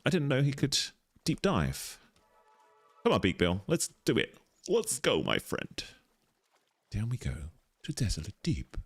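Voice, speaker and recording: A man's voice: fairly low pitch, husky, no echo. A man live-streaming a game, chatty and playful, talking through what he is doing. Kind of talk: casual live-stream chat while gaming.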